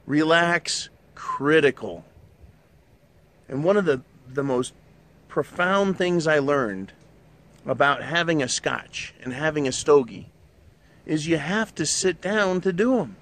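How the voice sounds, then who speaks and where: A man's voice: on the high side, animated, takes it slowly, pauses often, fairly bright tone. A middle-aged man hosting his own show, delivering a blunt, profanity-laced monologue in a ranting manner. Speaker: show host. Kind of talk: opinionated monologue.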